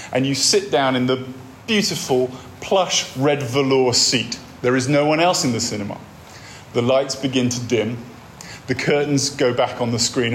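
A man delivers a talk on a faith course in a wry, conversational storytelling manner. His voice sits at an ordinary middle pitch, and he draws listeners in with imagined scenes and dry asides. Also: a little hiss or hum. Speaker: course speaker.

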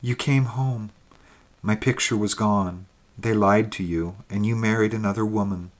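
A man reading the lines of a young woman's ghost, once burned as a witch, in a soft, intimate, pleading way. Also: fairly low pitch, steady tone, a little slow, natural voice. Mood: tender.

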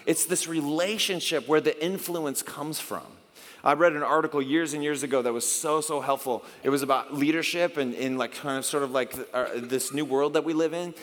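A middle-aged pastor preaches in a loose, conversational way, often slipping into short acted-out exchanges. His voice sits a little high for a man. The sound carries a long hall reverb. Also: moderate pace, fairly bright tone. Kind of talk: sermon.

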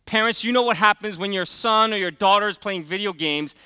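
A middle-aged man preaching a sermon, telling a personal story in a casual, conversational way and dropping to a hush for emphasis. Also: sits high, a little fast, smooth, no room sound. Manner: conversational storytelling, many fillers, drops to quiet for emphasis. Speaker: pastor.

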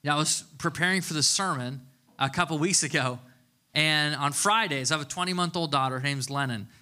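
A man's voice: fairly high pitch, a little fast, pushed and bright. A man in his thirties, a pastor giving a casual, chatty sermon with playful humor. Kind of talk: conversational sermon.

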